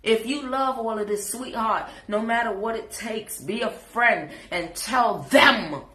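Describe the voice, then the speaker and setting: A woman's voice: on the high side, measured pace, bright, forceful tone, roomy sound. A woman with a Jamaican accent, scolding and preaching in a sassy live reaction rant. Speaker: social media commentator.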